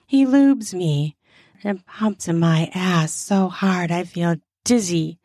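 Slow, low-voiced woman narrating. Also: warm tone, no echo, studio quality. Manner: breathy moaning asides. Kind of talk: sensual first-person story narration.

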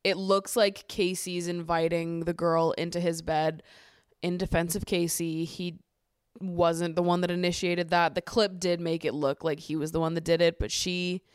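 Woman podcast host, casual recap, lower register, clean voice, swears freely. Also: flat delivery, normal speed, clear, resonant tone, no room sound, clean studio sound. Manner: chatty, swears freely, rises to exasperated high pitch when ranting. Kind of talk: casual reality-show recap.

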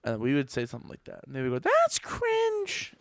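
A young man co-hosting a podcast, rambling and joking in casual chat, now and then slipping into high mocking voices. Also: level tone, racing, darkish tone, clean tone, no echo, studio quality. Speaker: podcast co-host.

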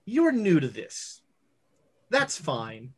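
A woman's voice: low-pitched, wildly swooping pitch, drawn-out words, breathy edge, voice pushed down, exaggerated voice. Haughty sun goddess, smug, condescending, tabletop game character, voiced by a woman. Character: haughty female sun god recruiting followers.

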